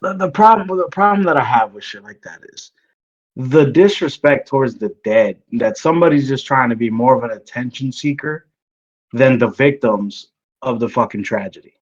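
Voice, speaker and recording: A man's voice: mid-range voice, animated, normal speed, muffled recording. A man co-hosting a casual podcast, blunt, swearing, and calling the others bro. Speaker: podcast co-host. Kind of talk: casual chat.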